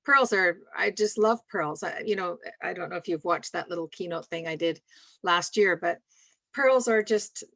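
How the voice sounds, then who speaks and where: A woman in her sixties from Scotland with a softened Scottish accent, chatting in a rambling way and laughing often over a video call. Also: lowish voice, normal speed, vocal fry, no room sound. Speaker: guest speaker. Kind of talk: casual chat on a video call.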